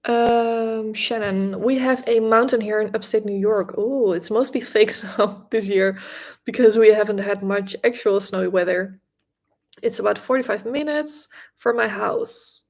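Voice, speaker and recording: A young woman from the Netherlands with a Dutch accent, chatting casually on a knitting livestream and answering viewers' comments with quick restarts and soft laughs. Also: medium pitch, gravelly. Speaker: livestream host, knitting creator.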